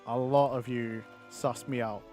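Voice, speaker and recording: A man's voice: mid-range voice, steady tone, unhurried, mellow, faint music behind. A male streamer chatting casually on a livestream, reading viewer messages aloud and answering them.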